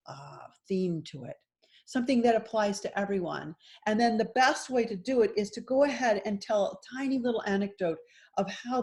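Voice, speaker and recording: Animated middle-aged yoga teacher. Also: female voice, mid-range voice, gravelly. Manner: lively, animated storytelling. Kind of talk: workshop talk with storytelling.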